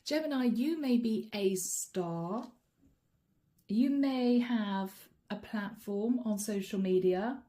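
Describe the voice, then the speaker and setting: A woman's voice: medium pitch, takes it slowly, mellow. A woman giving a chatty channeled tarot reading to camera, laughing often and voicing her listeners' inner thoughts. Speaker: tarot reader.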